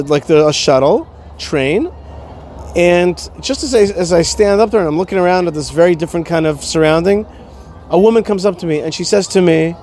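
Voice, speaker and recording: A man's voice: high voice, a little mellow, slight background noise. A male show host telling a story in a casual monologue, talking from poolside at a motel, with fillers as he goes.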